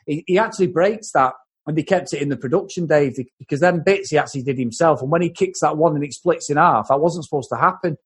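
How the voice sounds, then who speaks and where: Husky man sharing film trivia. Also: fairly high pitch, fast talker, hardly any pauses. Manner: informal, shares trivia, swears casually. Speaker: podcast co-host. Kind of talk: casual film chat.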